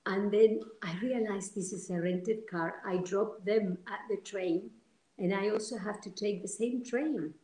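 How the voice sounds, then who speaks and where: A woman from Argentina, telling stories as an interview guest in an animated, halting way with many fillers. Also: mid-range voice, echoey room, low-quality recording. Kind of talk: storytelling in an interview.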